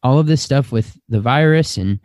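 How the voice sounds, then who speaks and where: A man with a mellow, relaxed voice of middle pitch speaks as a spiritual teacher. His talk is earnest and reflective, and he slows down on the words he stresses. The sound is dry and close, with no room around it. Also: no room sound. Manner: slow, earnest, drawn-out emphasis.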